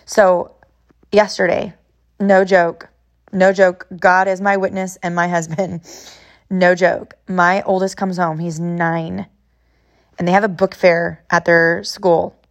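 A woman's voice: fairly low pitch, little pitch movement, slow. A woman in her thirties from California, hosting a podcast and telling an emotional personal story in an earnest way, often repeating herself. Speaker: podcast host.

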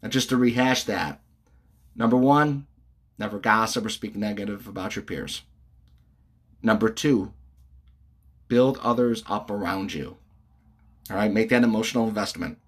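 A man's voice: fairly low pitch, moderate pace, long pauses, slightly rough. A man giving a motivational talk as a leadership coach, speaking bluntly and emphatically straight to his viewers.

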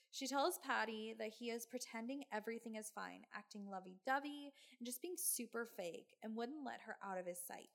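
A woman hosting a podcast, telling a true crime story in casual chat with sarcastic, swearing asides. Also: mid-range voice. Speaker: podcast host.

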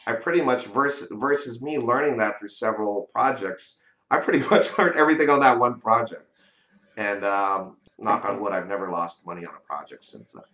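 Speaking at a moderate pace, this real estate investor guest has a fairly low voice that sounds pushed and bright. In a casual interview he tells a story conversationally, frequently tacking on "you know" and "right?", captured as dull lo-fi audio in a roomy space.

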